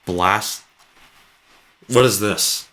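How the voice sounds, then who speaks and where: A man's voice: lowish voice, very slow, sharp tone. A man giving sarcastic, rambling reaction commentary on video clips and swearing freely.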